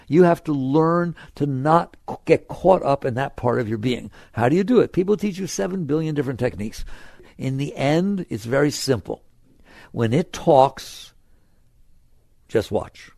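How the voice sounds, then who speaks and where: An older man giving an informal spiritual talk, conversational and full of rhetorical questions, swinging between emphatic and quiet. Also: a little high, creaky, dry recording, clean studio sound. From United States. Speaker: spiritual teacher.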